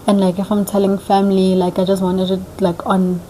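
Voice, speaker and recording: A young woman vlogger telling a story casually, chatty and animated, acting out what people said. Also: mid-range voice, normal speed, a little hiss or hum, poor audio. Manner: animated, chatty, acts out quoted dialogue.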